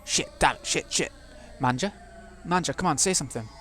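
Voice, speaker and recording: A man's voice: a little high, brisk, pushed and bright, a little hiss or hum, pitched above the performer's own voice. A man reading the lines of panicked male construction workers in a visual novel, frantic and breathless.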